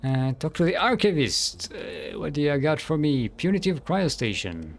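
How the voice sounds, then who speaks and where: A man's voice: fairly high pitch, big pitch swings, normal speed. A man streaming a game, thinking aloud in casual commentary and humming to himself.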